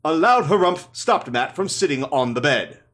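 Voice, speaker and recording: A man reading a fantasy novel aloud for a podcast, with expressive storytelling. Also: a little high, normal speed. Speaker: podcast reader.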